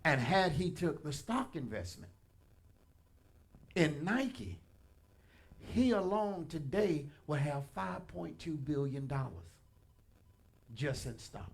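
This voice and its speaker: A man pastor preaching a sermon in a church, animated and colloquial, addressing the congregation directly with punchy asides. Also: a little high, takes it slowly, gravelly, long pauses. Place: church sanctuary.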